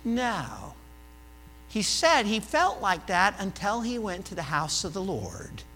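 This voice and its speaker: A man preaching a sermon in a church, his voice pitched very high and edged with a piercing brightness. He tells stories in a chatty way, dropping to near-murmurs and then rising to loud, emphatic lines. The recording carries a long hall reverb under a steady electrical hum. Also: slow pace, gravelly. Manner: storytelling, swings between hushed and loud emphatic delivery. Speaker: pastor. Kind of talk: conversational sermon.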